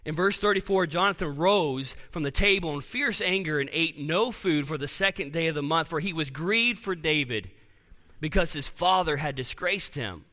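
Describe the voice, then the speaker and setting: Bright-voiced man preaching in a reverberant hall. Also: a little high, moderate pace. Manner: earnest preaching, reads scripture aloud, drops soft on key words. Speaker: pastor. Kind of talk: sermon. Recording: long reverb of a large hall.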